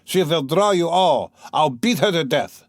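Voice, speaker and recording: A man reading an audiobook, voicing a young, drunken, brutal peasant carter who shouts and bullies. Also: a little high, animated, a little slow, no echo, clean studio sound, voice pushed up. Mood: furious. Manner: shouting, bullying.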